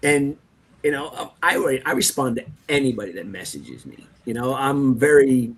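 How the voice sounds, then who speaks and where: A man's voice: medium pitch, lively intonation, moderate pace, slightly rough. A man, a guest in a casual chat, laid-back and blunt, swearing freely.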